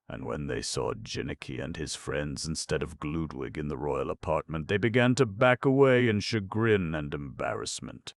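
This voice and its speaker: Very deep, gravelly male audiobook narrator. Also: dry recording, clean studio sound. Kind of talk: scripted storybook narration.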